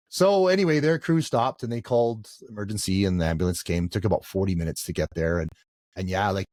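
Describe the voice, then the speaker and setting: Middle-aged male guest, low register, conversational storytelling, dry mic. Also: no echo. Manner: storytelling, frequent restarts and "like". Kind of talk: conversational interview.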